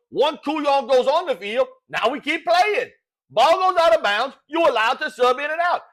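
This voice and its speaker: A man with a Cajun Louisiana accent hosting a sports talk show, ranting in a folksy, animated way and checking in with "all right?". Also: very high-pitched. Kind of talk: opinionated sports talk rant.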